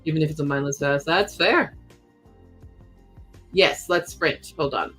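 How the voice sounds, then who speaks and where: Chatty woman streaming over soft music. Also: deep voice, unhurried, husky, rough recording. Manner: chatty, reads chat aloud, talks while crafting. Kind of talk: casual live-stream chat.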